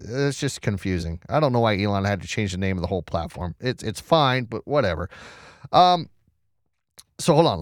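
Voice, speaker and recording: A man's voice: on the low side, expressive, a little fast, no room sound, studio quality. A man hosting a casual news commentary show, chatty and sarcastic, often restarting words and reading from the screen.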